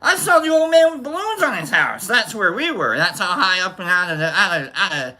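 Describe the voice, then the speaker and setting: A man hosting a show, chatting casually and telling animated, joking stories. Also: high-pitched, fairly quick. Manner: animated, joking, acts out quoted voices with loud yells. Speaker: livestream host. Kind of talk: casual storytelling chat.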